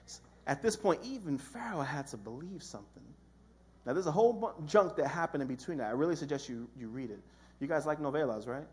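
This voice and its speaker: A man's voice: medium pitch, animated, brisk, darkish tone, husky. A man giving a casual, humorous sermon as a preacher, telling a story with slang and acted-out voices.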